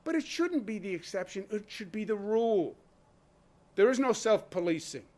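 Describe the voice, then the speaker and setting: A man's voice: high-pitched, sing-song, moderate pace, darkish tone. A man speaking as governor at a press conference, emphatic and full of rhetorical questions. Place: indoor briefing room.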